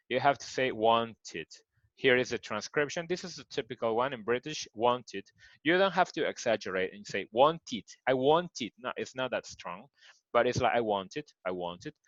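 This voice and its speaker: A man from Mexico with a Mexican Spanish accent, teaching an online English lesson and patiently repeating words slowly to model their pronunciation. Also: mid-range voice, a bit bright, no room sound, lo-fi sound. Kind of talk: recorded online grammar lesson.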